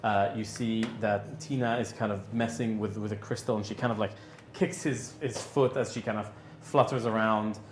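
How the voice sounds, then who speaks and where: A man narrating a tabletop game as game master, halting with many fillers and restarts. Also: fairly low pitch, steady tone, roomy sound, slight background noise.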